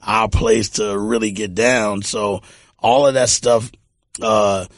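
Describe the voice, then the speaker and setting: In a relaxed interview, a middle-aged music producer from Texas shares warm stories, wandering and repeating words as he goes. He talks slowly in a lowish voice with fairly even intonation, recorded dry.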